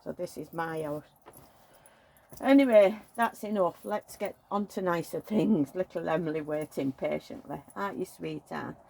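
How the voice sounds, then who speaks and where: Creaky middle-aged woman. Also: fairly low pitch, normal speed, darkish tone. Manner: chatty, venting, emotional. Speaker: doll collector vlogger. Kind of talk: casual chat while dressing a doll. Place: at home.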